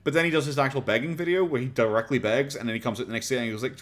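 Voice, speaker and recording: A man's voice: mid-range voice, rapid-fire, few pauses, fairly bright tone. A man with an Irish accent streaming casual commentary, sarcastic and swearing freely. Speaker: streamer reacting to videos.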